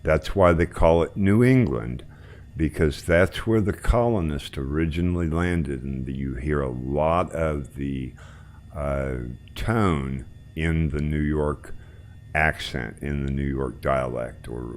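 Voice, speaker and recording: A man with an extremely deep voice hosts a casual live stream. He chats loosely while reading out chat messages and juggling several tasks at once. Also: slow, a little mellow. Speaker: stream host flying a helicopter simulator.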